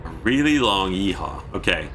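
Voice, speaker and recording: A man's voice: low-pitched, sing-song, moderate pace, sharp tone, faint music behind. A man chatting casually through a gameplay stream from home, keeping his voice down, thanking viewers and letting out sudden yelps.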